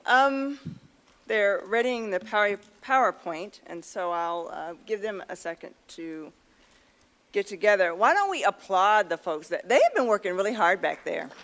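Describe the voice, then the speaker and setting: A woman's voice: medium pitch, expressive, moderate pace, a bit bright. A middle-aged woman speaking at a convention luncheon, telling a candid, self-deprecating personal story in a chatty way with many fillers, at a podium microphone.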